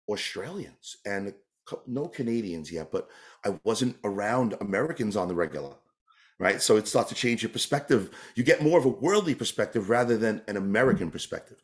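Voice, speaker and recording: A man from New York, a tap dancer and entertainer, giving a long, earnest, rambling answer in an interview, often restarting his sentences. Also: mid-range voice. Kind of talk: reflective casual interview answer.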